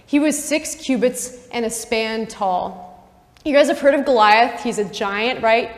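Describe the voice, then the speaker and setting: In a university chapel with long reverb, a young campus missionary gives a casual Bible teaching talk. She's chatty, saying "like" constantly and making asides to her listeners, in a slightly high voice at a slightly slow pace.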